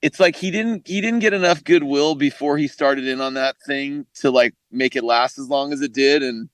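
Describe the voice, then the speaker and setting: A man's voice: mid-range voice, normal speed, dry recording. A man co-hosting a casual podcast chat in a laid-back, teasing way. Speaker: podcast co-host.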